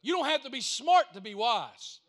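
A man delivers a sermon in a high, bright voice. He talks in a homespun, storytelling way and keeps building to emphatic, repeated points. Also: very animated, moderate pace. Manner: folksy storytelling preaching, rising to emphatic points. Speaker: pastor.

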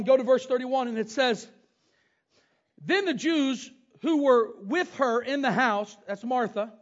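A middle-aged man preaching a sermon, reading scripture and telling stories from family life. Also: very high-pitched. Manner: storytelling, reads scripture aloud and retells it. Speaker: pastor. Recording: dull lo-fi sound.

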